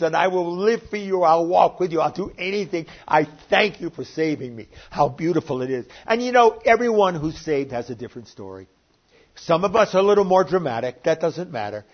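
An older man preaching a sermon online, earnest and plainspoken, with sudden swells in loudness. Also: fairly high pitch. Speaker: pastor. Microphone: online sermon recording. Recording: muffled lo-fi recording.

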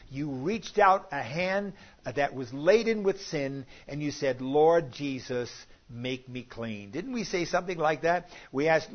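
A man delivers a sermon with a voice pitched a little high, sinking to soft, drawn-out hushes before climbing into loud, emphatic peaks. The recording is dull and lo-fi. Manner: swings between soft hushed lines and loud emphatic bursts. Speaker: preacher.

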